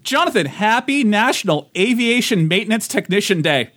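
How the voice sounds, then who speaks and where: A man co-hosting a casual podcast in a high voice that swings up and down a lot. He teases his co-host playfully. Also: very animated, moderate pace, a bit bright. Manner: teasing, playful. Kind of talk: casual chat.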